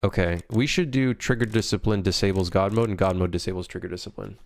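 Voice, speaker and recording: A young man, a game developer on a livestream, talking loosely and haltingly with many fillers while reading viewer chat aloud. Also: sits low, darkish tone, no echo.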